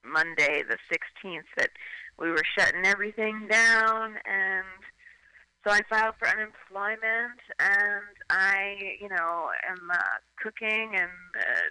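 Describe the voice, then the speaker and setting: A woman's voice: mid-range voice, unhurried, bright, forceful tone, clean tone, no echo. A woman calling in to a radio show, talking in a rambling, casual way with lots of "like" and acted-out voices. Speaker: phone-in guest. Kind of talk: casual chat. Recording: tinny phone line.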